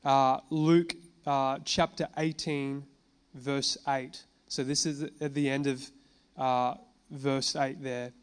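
Smooth-voiced man preaching a sermon. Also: medium pitch, little pitch movement, takes it slowly. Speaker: pastor. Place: church gathering addressing a congregation.

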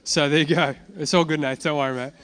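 A man's voice: on the high side, quick pace. A man preaching a sermon, telling a healing testimony with casual asides and laughter. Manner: animated storytelling, casual asides.

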